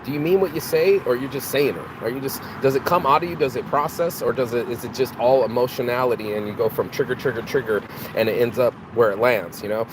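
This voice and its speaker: A man's voice: medium pitch, fast, few pauses. A man giving an unscripted motivational talk, asking rhetorical questions and often restarting his words. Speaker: motivational vlogger. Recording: outdoor traffic noise.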